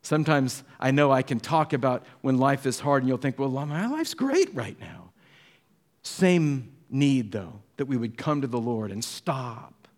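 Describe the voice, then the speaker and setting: A man preaching a sermon as a pastor, telling stories with acted-out quotes, moving between hushed and animated delivery. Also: medium pitch, moderate pace.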